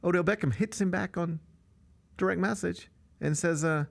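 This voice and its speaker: A man's voice: high voice, moderate pace, gravelly. A man hosting a sports talk show, chatting casually and with strong opinions, acting out quotes with big swings in his voice. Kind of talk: casual sports radio chat.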